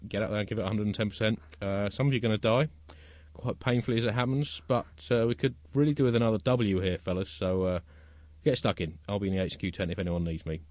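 A man's voice: on the low side, fairly even intonation, quick pace, darkish tone, dry recording, close to an everyday voice. A man voicing a medieval English king who gives a lazy, flippant pep talk before battle. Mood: offhand. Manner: breezy, flippant, mock-casual.

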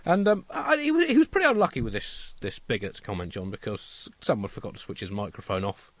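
A man's voice: fairly high pitch, huge pitch swings, fast talker, few pauses, no room sound. A man co-hosting a comedy show, rambling and sardonic in satirical chat. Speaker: comedy co-host.

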